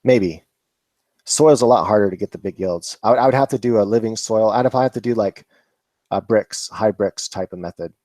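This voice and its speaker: A man's voice: lowish voice, brisk, darkish tone, dry recording. A man hosting a live Q&A, chatting casually and rambling with laughs and swearing. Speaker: vlog host answering viewer questions.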